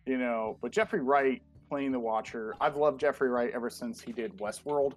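Excited fanboy guy co-hosting a chat show, says like a lot, some music faint in back. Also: mid-range voice, normal speed. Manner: excitable fanboy, many fillers. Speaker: podcast co-host. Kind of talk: casual chat reviewing a show.

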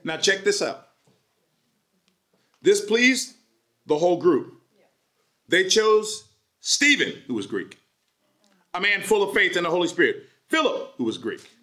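A man preaching an energetic sermon at a church service, joking and doing playful voices while the congregation answers him. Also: high voice, unhurried, pauses often. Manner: lively, jokey preaching with playful put-on voices. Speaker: pastor.

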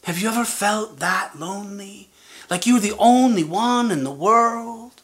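A woman hosting a storytelling show, narrating an old folktale gently and inviting listeners to sing along. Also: mid-range voice, measured pace. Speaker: storyteller and podcast host. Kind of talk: slow spoken folktale narration.

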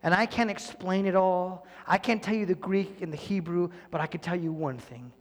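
Pastor, male, earnest sermon voice, fairly high for a man, hushed lines, long hall reverb. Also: moderate pace. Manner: earnest, often dropping to a soft near-whisper.

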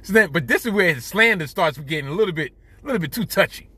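A man telling stories on his podcast in a bright, sharp voice that runs high for a man. He swings his pitch all over, swears freely and pokes fun at himself. The sound is dry and close. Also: quick pace, slightly rough, no room sound. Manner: animated, profane, self-mocking. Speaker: podcast host. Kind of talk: casual storytelling monologue. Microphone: studio podcast mic.

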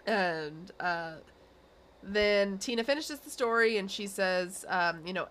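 Taking her time, this young adult woman speaks in a mid-range, somewhat bright voice. As a podcast co-host she casually recaps an episode, rambling with lots of fillers and giggles.

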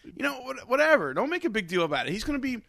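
Fast-talking animated man, sports banter. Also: gravelly, no echo, clean studio sound. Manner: animated, voice jumps high when worked up, swears. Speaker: podcast co-host. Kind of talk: casual sports betting talk.

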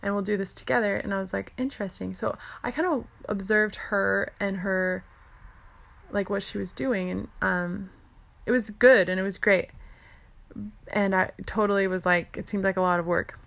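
A young woman recounts her own story in relaxed, casual speech. She is chatty and keeps acting out what she and others said. Her voice has a noticeable gravelly fry. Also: mid-range voice, moderate pace. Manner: chatty, full of "like" and restarts, quotes herself and others. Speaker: stay-at-home mom telling her story.

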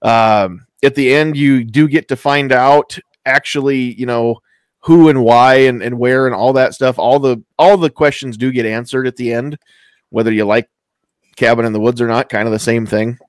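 A man's voice: medium pitch, steady tone, moderate pace, clear, resonant tone, no room sound. A man co-hosting a casual talk show about movies, rambling and restarting his sentences, laughing easily. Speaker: podcast co-host. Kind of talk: casual chat.

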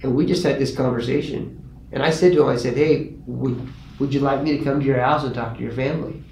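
A pastor telling a story in a conversational way, earnest, and lively when he quotes people. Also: medium pitch, fast talker. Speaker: pastor and grief guest. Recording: roomy with faint ambient noise.

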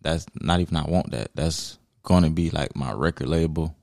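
Young man, raspy, deep, gravelly, rambling casual talk, dry close sound. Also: normal speed, no room sound. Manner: relaxed, rambling, slangy, many fillers. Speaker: hip hop artist, guest. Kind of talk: casual podcast interview.

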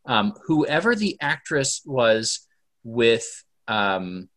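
Male podcast host, relaxed chat, stumbling and animated delivery. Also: medium pitch. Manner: animated, halting, laughs often. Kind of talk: casual chat.

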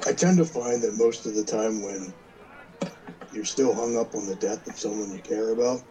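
A man speaking in character at a tabletop game, calm and giving dry advice. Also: on the low side, normal speed, low-quality recording. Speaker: player.

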